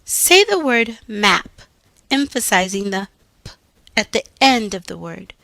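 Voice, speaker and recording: Slow, bright-voiced woman reading lesson steps. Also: on the high side, big pitch swings, gravelly, dry recording. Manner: slow, deliberate, carefully enunciated. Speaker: teacher trainer reading instructions. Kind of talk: scripted instructional narration.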